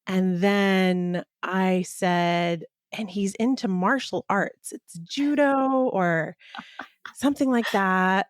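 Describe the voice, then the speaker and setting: A woman co-hosting a podcast who talks in a casual, rambling way and often pauses to search for her words. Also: medium pitch, no echo, studio quality. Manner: rambling, hesitant, many fillers and restarts. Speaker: podcast co-host.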